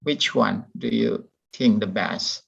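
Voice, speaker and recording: A man's voice: on the low side, slow pace, vocal fry, slightly rough. A man hosting an online discussion, patiently repeating his questions over a call. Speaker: meeting host. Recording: dull, lo-fi call audio.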